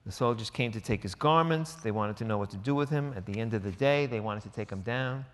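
A man's voice: fairly low pitch, fairly quick. Guy preaching in a church, casual storyteller vibe, mimics people sarcastically, big echoey hall. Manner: conversational, acts out quotes with sarcastic voices. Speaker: pastor. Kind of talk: sermon.

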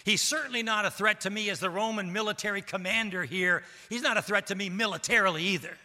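A man voicing a scornful male Roman governor, speaking loudly and dismissively in a sermon. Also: sits high, fast. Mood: blustering. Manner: loud, emphatic and dismissive. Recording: long hall reverb.

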